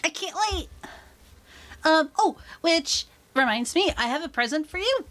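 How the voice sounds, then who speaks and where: Lively, chatty woman player. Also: high-pitched, unhurried. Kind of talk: playing a tabletop game.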